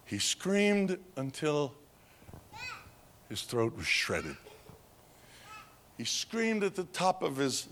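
A man preaching by telling a dramatic story, slow and vivid, acting out sounds and voices. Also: a little high, big pitch swings, a bit bright, a little hiss or hum. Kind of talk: storytelling sermon.

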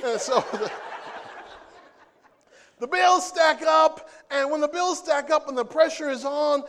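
A man with a strikingly high voice preaches a sermon in a playful, animated way. He acts out little scenes and teases the congregation. His tone moves between laughter and earnest persuasion. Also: a little slow. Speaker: pastor.

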